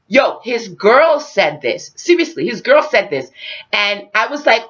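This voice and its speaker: A woman's voice: a little high, measured pace, lo-fi sound. A woman vlogger telling a story and giving spiritual life advice, talking straight to her viewers. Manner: expressive, addresses viewers directly. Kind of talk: animated storytelling monologue.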